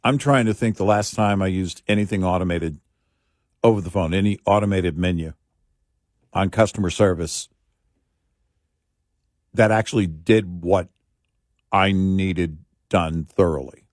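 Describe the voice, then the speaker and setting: A man's voice: sits low, unhurried, long pauses, dry recording, studio quality. A man co-hosting a radio talk show, telling stories and mocking automated phone menus. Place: radio studio. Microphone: studio microphone.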